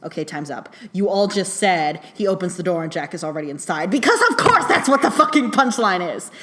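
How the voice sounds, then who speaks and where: A woman giving a casual spoken film review, full of "like" and "um", laughing often and swearing casually as she retells scenes. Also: fairly low pitch. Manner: chatty, laughing often, heavy use of "like" and "um" fillers.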